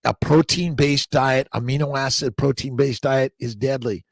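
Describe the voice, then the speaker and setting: A man with a gravelly, creaky voice hosts a casual livestream, reading viewer comments aloud and greeting people by name. His talk is rambling and upbeat, full of repeated catchphrases and restarted words. The sound is dry and close, with no room around it. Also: medium pitch, fairly even intonation, normal speed, no echo. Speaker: livestream host.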